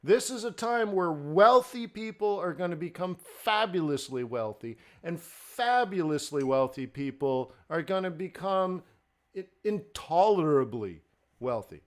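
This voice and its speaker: Middle aged guy ranting on his trading livestream, blunt, kinda high voice. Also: expressive, measured pace. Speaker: forex trading host. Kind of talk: live stream talk.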